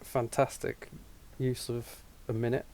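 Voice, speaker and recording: A man's voice: mid-range voice, flat delivery, unhurried, a little mellow. Mocking, laughing male podcaster. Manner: mocking, profane, laughs a lot. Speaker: podcast co-host. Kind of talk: casual podcast chat.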